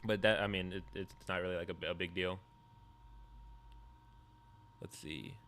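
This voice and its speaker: A lowish male voice with a bright, forceful edge, reading chat messages aloud on a stream at a desk mic. He moves through them in a flat deadpan, dropping quiet asides between lines. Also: unhurried, a little hiss or hum.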